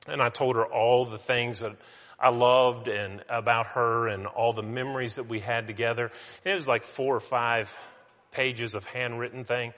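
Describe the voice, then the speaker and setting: A man's voice: medium pitch, a bit bright. A middle-aged male pastor giving a sermon in a conversational, storytelling way with self-mocking humor. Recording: reverberant hall.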